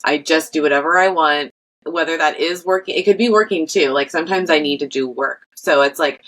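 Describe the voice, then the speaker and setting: A woman host with a deep, low voice talks frankly in a relaxed, casual way. She drops the odd swear word and speaks plainly about her own feelings. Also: a little fast, low-quality recording. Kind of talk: casual conversation.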